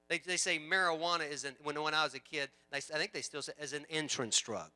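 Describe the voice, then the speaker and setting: Man, pastor, sermon, very bright sharp tone, emphatic, storytelling, repeats himself. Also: fairly high pitch, brisk. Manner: animated preaching that swings from loud emphatic lines to quiet storytelling; chatty asides and repeated words.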